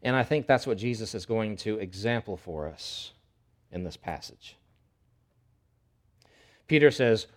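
A male pastor preaching a sermon in an animated, conversational way, with emphatic repetition. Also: lowish voice, unhurried, long pauses.

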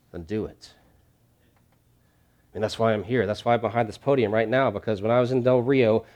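A pastor delivers a sermon from a church podium, speaking with emphasis and repeating his key lines. His medium-pitched voice drops to a hush, then swells loud again.

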